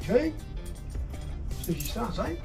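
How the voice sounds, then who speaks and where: A man's voice: very high-pitched, very animated, moderate pace, vocal fry, over music, low-quality recording. An Australian man in a casual, matey vlog, talking straight to his viewers while working on a motorbike. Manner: chatty, matey, addresses viewers directly. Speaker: vlogger.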